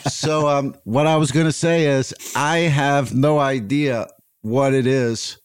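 A man's voice: medium pitch, steady tone, slow, clean tone, dry recording, clean studio sound. A man hosting a podcast, chatting in a loose, joking and self-deprecating way. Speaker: podcast host. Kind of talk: casual chat.

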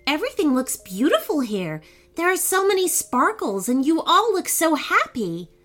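A woman voicing an excited ten-year-old girl who asks eager, wide-eyed questions. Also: high voice, moderate pace, faint music behind, voice pushed up, exaggerated voice.

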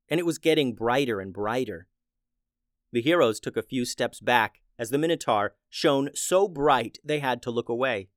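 Man, storyteller, children's adventure tale, steady, mid pitch, dry sound. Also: no room sound.

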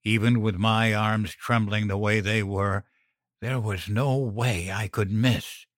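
A man reads a dark first-person horror tale in a low voice, taking his time over every line. His delivery is measured and grim. The sound is dry and close to the mic. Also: fairly even intonation, dry recording. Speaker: narrator.

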